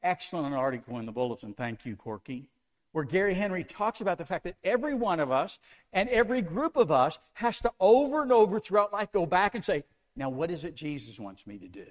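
A man's voice: high voice, expressive, fairly quick. A man preaching a sermon to a congregation, asking them one question after another with an emphatic delivery. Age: older.

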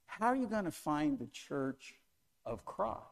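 A man's voice: on the high side, sing-song, unhurried, gravelly. A man preaching a sermon to a congregation, asking them one question after another with an emphatic delivery. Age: older.

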